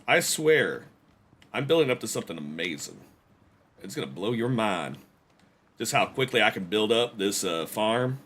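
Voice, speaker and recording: Man, game streamer, low voice, bouncy animated pitch, rambling self-deprecating chatter. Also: breathy edge. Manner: rambling, self-deprecating, joking asides to chat. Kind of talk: casual gameplay commentary.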